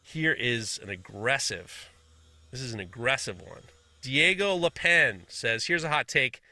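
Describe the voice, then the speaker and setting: A man's voice: medium pitch, expressive, unhurried, pushed and bright. A man co-hosting a casual podcast, reading listener messages aloud with frequent laughs and blunt, swearing asides.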